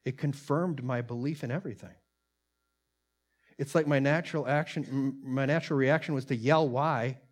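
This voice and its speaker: A man preaches in an earnest, plain-spoken way, his voice sitting at a middle pitch. He reads quoted lines aloud with more force and fills his own commentary with ums and restarts. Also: moderate pace, darkish tone. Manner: earnest, rising in volume on quotes, many fillers. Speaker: pastor. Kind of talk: sermon with read-aloud transcript.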